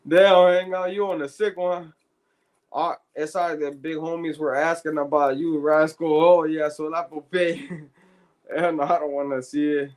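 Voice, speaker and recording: Slangy, laughing man with a higher voice. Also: a little slow, pauses often. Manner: profane, slangy, laughs often. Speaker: podcast co-host. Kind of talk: casual chat, storytelling.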